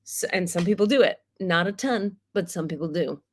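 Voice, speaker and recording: Candid, animated woman hosting a livestream. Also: lowish voice, normal speed. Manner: candid, animated, swears freely, laughs often. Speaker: spiritual teacher hosting a livestream. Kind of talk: casual livestream talk.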